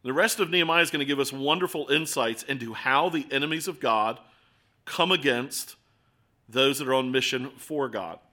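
A middle-aged man preaching a sermon, asking rhetorical questions and moving between quiet asides and emphatic points. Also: medium pitch, normal speed. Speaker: pastor.

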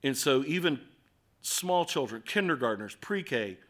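A man's voice: medium pitch, lively intonation, measured pace, fairly bright tone. A man with an American accent preaching a sermon in an earnest, conversational way, full of rhetorical questions. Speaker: pastor.

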